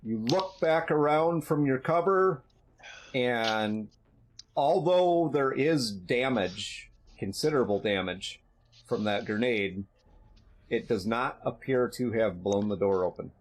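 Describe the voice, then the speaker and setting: A man narrating as game master of a tabletop role-playing game, describing scenes in a halting, conversational way with frequent restarts. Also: medium pitch, lively intonation, a little hiss or hum.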